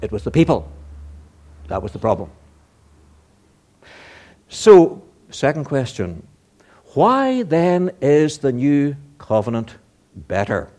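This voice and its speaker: A man preaching a sermon, earnest and emphatic, asking rhetorical questions and building to louder, higher emphasis. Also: big pitch swings, slow pace, pauses often.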